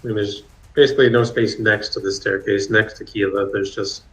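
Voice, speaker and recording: A man's voice: lowish voice, steady tone, brisk, a bit bright. A man playing a tabletop game, thinking aloud hesitantly about his move. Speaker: player. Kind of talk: casual chat at a game table. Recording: echoey room, faint noise.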